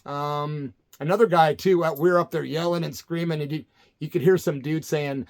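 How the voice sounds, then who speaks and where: A man's voice: on the high side, fairly even intonation, moderate pace. A man in his sixties telling rambling old tour stories in a casual, laid-back way, often tossing in "man". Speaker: storyteller recalling punk tours. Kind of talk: casual spoken-word storytelling.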